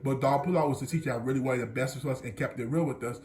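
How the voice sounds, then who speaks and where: A young man telling a school story as a vlogger, animated and slangy, often breaking into laughter. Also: medium pitch, racing, slight background noise. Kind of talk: casual storytelling. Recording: echoey room.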